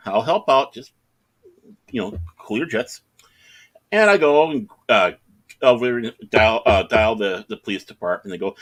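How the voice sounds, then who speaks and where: Animated middle-aged man telling a story. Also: lowish voice, normal speed, long pauses. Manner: animated, acts out other people's lines in raised voices. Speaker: podcast co-host. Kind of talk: casual storytelling.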